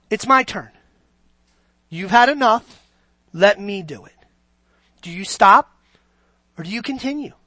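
A man preaching to his congregation with a bright, forceful voice. He leans hard on key words and keeps firing rhetorical questions at the room. The sound is close and dry, with little room echo. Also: high voice. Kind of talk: sermon.

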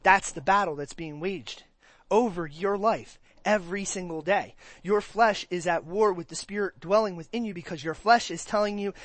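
Preacher, sermon, animated, conversational, questions the congregation, close and dry sound. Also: mid-range voice, no room sound. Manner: animated, acts out listeners' reactions in quick put-on voices. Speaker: pastor.

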